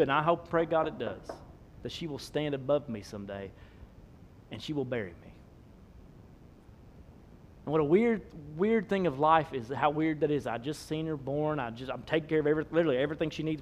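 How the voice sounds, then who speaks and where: A man, preaching a sermon, swinging between loud emphasis and soft low asides. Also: slight background noise. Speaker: pastor.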